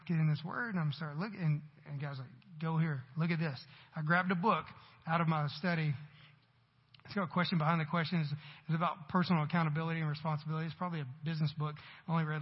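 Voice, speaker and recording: A man's voice: a little high, breathy edge, long reverb tail, muffled recording. A man who is a parent, preaching a church sermon, earnestly posing questions to the congregation. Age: adult parent. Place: church sanctuary.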